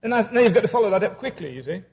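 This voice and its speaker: A high-voiced male preacher delivers a humorous sermon in a very lively, swooping voice. He tells stories and acts out both sides of each conversation. The recording is dull and lo-fi. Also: racing.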